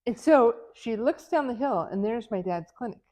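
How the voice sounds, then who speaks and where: A middle-aged woman, an author being interviewed, telling family stories in an animated way, laughing often and acting out the voices of the people in them. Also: on the high side, normal speed. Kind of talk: animated storytelling.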